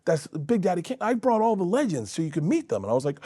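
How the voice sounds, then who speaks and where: A middle-aged man telling a long funny story as a guest on a talk show, acting out the other people's voices and laughing loudly. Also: high-pitched, very animated, fast talker, hardly any pauses, dry recording, studio quality. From Florida. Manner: acts out quoted voices, loud bursts of laughter. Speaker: comedian guest.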